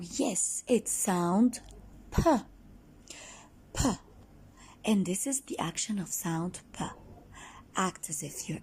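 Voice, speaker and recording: A woman's voice: a little high, mellow. A woman teaching young children a phonics lesson in a sing-song, coaxing way, with an Egyptian English accent.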